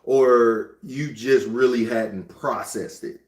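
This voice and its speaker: A man asking his wife questions in a slow, halting way, repeating words as he goes. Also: medium pitch, steady tone, darkish tone, reverberant. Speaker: co-host, husband.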